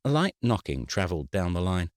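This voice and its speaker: Deep-voiced, wry male audiobook narrator. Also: fairly quick, no room sound, clean studio sound. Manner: wry, expressive storytelling. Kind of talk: scripted narration.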